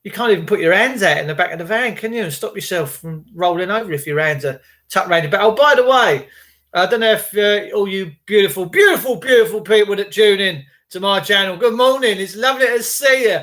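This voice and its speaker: A man's voice: high-pitched, fairly quick, fairly bright tone. A man, hosting a casual livestream, rambling and indignant as he greets viewers by name. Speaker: livestream host.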